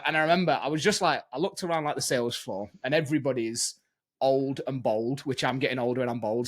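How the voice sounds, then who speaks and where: A man hosting a podcast, telling candid anecdotes and swearing casually. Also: fairly high pitch. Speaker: podcast host.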